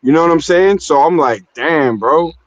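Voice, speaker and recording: A man from New York City chats loosely in heavy slang, leaning on filler phrases as he tells his stories. His voice sits a little high. The stream sound is muffled and dry. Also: normal speed, dry recording. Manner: loose, slangy storytelling with frequent "you know what I'm saying". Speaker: stream host. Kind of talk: casual streamed conversation. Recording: dull, dry streamed audio.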